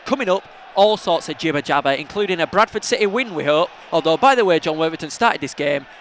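A man co-hosting a podcast from the stands of a football match, making crude jokes and shouting at the play. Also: on the high side, expressive, quick pace, a little hiss or hum. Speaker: podcast co-host. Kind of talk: casual match-day banter. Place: outdoors at a football stadium.

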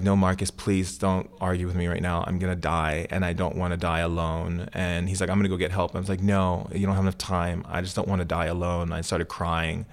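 Middle-aged man, low and even voice, earnest storyteller, lots of ums and restarts. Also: vocal fry. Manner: earnest, vivid retelling with many fillers and restarts. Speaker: shaman and author, guest. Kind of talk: personal storytelling in an interview.

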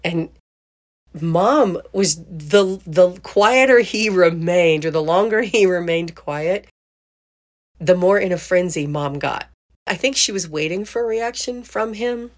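A woman's voice: lowish voice, slow pace. A woman hosting a podcast, telling a story in a chatty way and laughing as she goes. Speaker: podcast host. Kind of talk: casual storytelling monologue.

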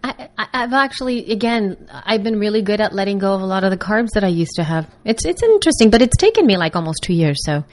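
A woman co-hosting a podcast, upbeat and lively as she steers the chat over a video call. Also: mid-range voice, quick pace, few pauses. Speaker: podcast co-host. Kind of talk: casual chat.

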